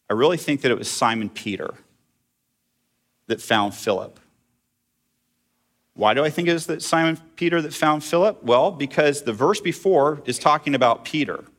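A middle-aged pastor with a mid-range, fairly bright voice preaches a sermon in a conversational way, putting questions to his congregation.

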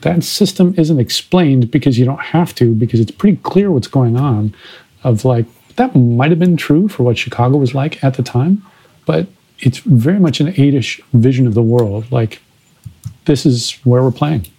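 Husky, mellow-voiced man talking films. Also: mid-range voice, moderate pace, low-quality recording. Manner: analytical, conversational. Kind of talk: casual film discussion.

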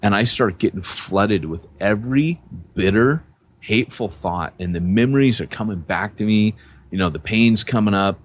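A man's voice: fairly low pitch, normal speed. A man co-hosting a podcast, telling a personal story in a casual, rambling way with many restarts. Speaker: podcast co-host, church planter.

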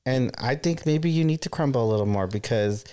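A man in a casual podcast chat, speaking gently and supportively to a grieving friend. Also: mid-range voice, animated, a little fast, clean tone. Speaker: podcast host.

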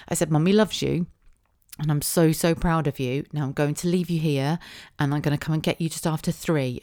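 Chatty, emotional British mum. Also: female voice, low-pitched, a little mellow. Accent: British English. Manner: emotional, chatty, laughs often. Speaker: parent vlogger. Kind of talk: casual chat.

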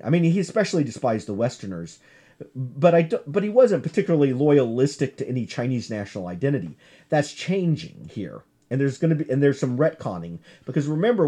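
Man lecturing to a class, chatty and digressive, lively pitch, warm dark tone.

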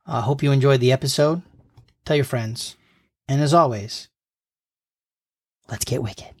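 A man co-hosting a podcast in casual chat, teasing his partner in lively banter. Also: mid-range voice, measured pace, husky. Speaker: podcast co-host.

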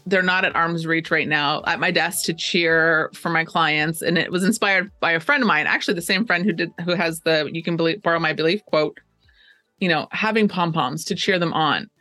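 A woman's voice: low-pitched, moderate pace, sharp tone, no room sound, soft background music. A woman co-hosting a podcast and coaching clients, chatting casually, laughing often and quoting what she tells people. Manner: upbeat, laughs often, quotes herself. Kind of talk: casual chat.

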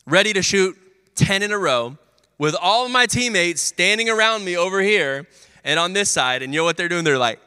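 Energetic young man preaching in a reverberant hall. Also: sits high, moderate pace, clear, resonant tone. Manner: energetic storytelling, acts out voices of teammates and coach. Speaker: pastor. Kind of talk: sermon.

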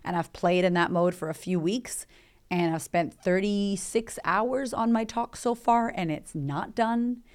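A woman's voice: medium pitch, a little slow, a little mellow. A woman, hosting a motivational podcast in a candid, emphatic, chatty way with swearing. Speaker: podcast host and coach.

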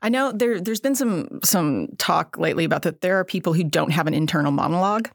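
A woman's voice: fairly low pitch, animated, fairly quick, creaky, no room sound, studio quality. A middle-aged woman co-hosting an educational podcast, chatty and self-deprecating, laughing at herself often. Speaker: podcast co-host. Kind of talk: casual educational podcast chat.

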